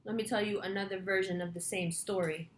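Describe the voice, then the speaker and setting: A woman's voice: medium pitch, fairly even intonation, fairly quick, echoey room, very noisy. A woman astrology reader telling a rambling story in a casual monologue, chatty and swearing freely.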